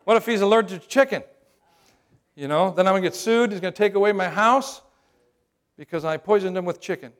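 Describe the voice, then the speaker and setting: A man's voice: high-pitched, a little fast, long pauses. A middle-aged man preaching a sermon as pastor, humorous and conversational, often checking in with the crowd by asking "right?".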